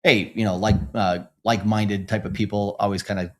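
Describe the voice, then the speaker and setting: A man's voice: lowish voice, little pitch movement, fairly quick. A man from the Upper Midwest hosting a casual podcast conversation, loose and chatty, with many filler words. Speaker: host.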